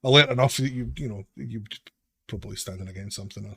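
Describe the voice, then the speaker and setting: A man's voice: fairly low pitch, quick pace, gravelly, pushed and bright, breathy edge, no room sound. A man narrating a tabletop game as game master, in a rambling, hesitant way full of restarts.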